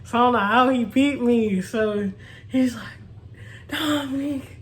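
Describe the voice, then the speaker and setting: A woman's voice: a little high, fairly even intonation, moderate pace. A young woman chatting casually to her viewers, laughing often and calling them y'all. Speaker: vlogger. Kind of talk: casual storytime chat.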